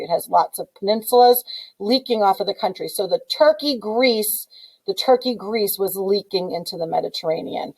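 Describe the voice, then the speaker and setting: A woman's voice: medium pitch, darkish tone, rough recording. A middle-aged woman teaching with a playful, punning story, pointing out places on a map as she goes.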